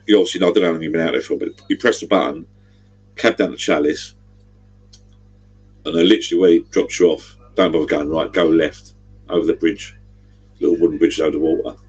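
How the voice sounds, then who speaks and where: A man's voice: very deep voice, fairly even intonation, fast, long pauses, darkish tone, breathy edge, lo-fi sound. A middle-aged man, rambling chattily on a livestream. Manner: rambling, chatty, gives directions. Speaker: livestream host. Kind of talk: casual livestream chat.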